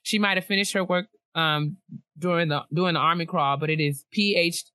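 Young woman co-host, playful and animated, bright voice, dry close mic. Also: on the low side, a little fast, no room sound. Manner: animated, laughing often, playful asides. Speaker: podcast co-host. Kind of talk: casual chat reading listener emails.

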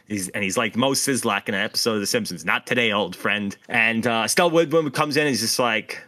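A man co-hosting a podcast, chatting casually in a jokey, animated way and swearing freely. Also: lowish voice, quick pace. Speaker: podcast co-host. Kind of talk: casual chat.

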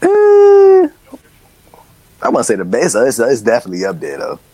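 A man's voice: medium pitch, wildly swooping pitch, normal speed, warm tone. A co-host in casual chat, a man who stammers and repeats words as he talks.

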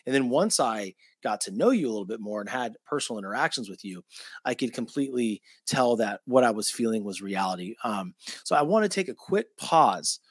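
A man's voice: medium pitch, lively intonation, fairly quick, breathy edge, dry recording, studio quality. Effusive male interview host. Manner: warm, effusive praise, casual address. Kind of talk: interview and read sponsor ad.

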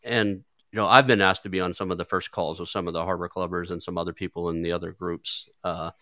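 A man's voice: sits low, steady tone, quick pace, a bit bright, no room sound, clean studio sound. A man hosting a podcast interview, chatting casually and agreeing with his guest before adding his own views. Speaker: podcast host.

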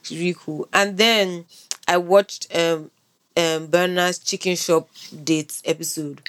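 A woman co-hosting a podcast in casual chat, relaxed and rambling with lots of likes and restarts. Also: fairly low pitch, measured pace, smooth. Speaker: podcast co-host.

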